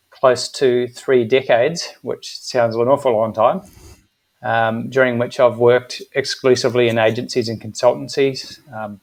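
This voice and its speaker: A middle-aged man with a New Zealand accent, a guest in a casual interview, speaking in an even, measured way with frequent ums. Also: medium pitch. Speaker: guest, agency managing director.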